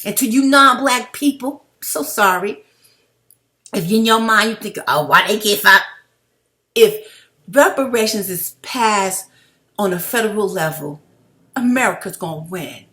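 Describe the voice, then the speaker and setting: Fiery, bright-voiced woman ranting to viewers. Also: medium pitch, unhurried. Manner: heated, blunt and profane, addressing viewers as family. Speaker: video blogger. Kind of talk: impassioned commentary rant.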